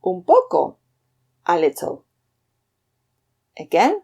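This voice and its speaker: A woman teaching a beginners' language lesson. Her voice sits on the low side for a woman. She slows down and pronounces each example phrase carefully. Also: expressive, a little mellow. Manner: clear, slowed model pronunciation of phrases. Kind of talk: scripted lesson.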